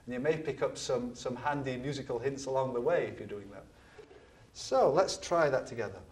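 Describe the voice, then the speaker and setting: Teaching ukulele in a studio video, a mid-range-voiced man talks briskly yet patiently, counting beats aloud as he strums and occasionally repeating words. The mic picks him up from a distance, along with his strumming.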